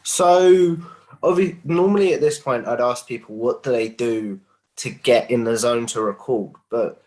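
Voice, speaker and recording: A man's voice: mid-range voice, a little slow, a little mellow. A man from Essex hosting a podcast, asking curious, friendly questions in a casual interview. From Essex, England. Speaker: podcast host.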